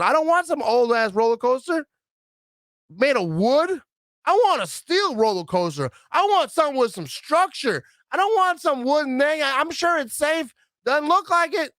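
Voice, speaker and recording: Brief: middle-aged Midwestern-born man, lively swinging delivery, dry close recording. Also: very high voice, moderate pace, no echo. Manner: rambling, animated, acts out quoted voices. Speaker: vlogger. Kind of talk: casual rambling monologue.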